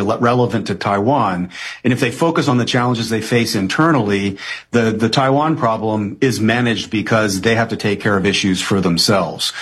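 A man answering interview questions with measured, analytical talk and frequent hesitations. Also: fairly low pitch, a bit bright, slightly rough. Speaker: guest analyst.

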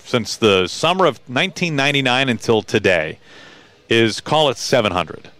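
A man's voice: mid-range voice, animated, normal speed, fairly bright tone, no echo. A man hosting a pregame radio show, chatty and playful and full of stats. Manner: chatty, stat-heavy, playful. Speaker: radio sports host. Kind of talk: pregame sports talk.

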